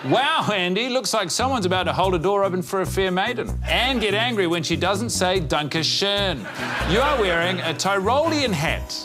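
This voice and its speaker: A man with a New Zealand accent hosting a comedy spelling quiz, delivering deadpan, mock-grand quips. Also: high voice, moderate pace. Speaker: quiz show host. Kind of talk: comedic game show hosting. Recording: live studio with loud crowd and music.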